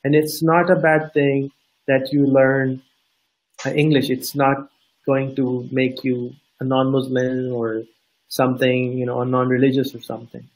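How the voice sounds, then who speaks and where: A man's voice: medium pitch, little pitch movement, a little slow, poor audio. A man with a Pakistani accent, co-hosting a live show and giving earnest, direct advice in a casual, repetitive way. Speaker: co-host.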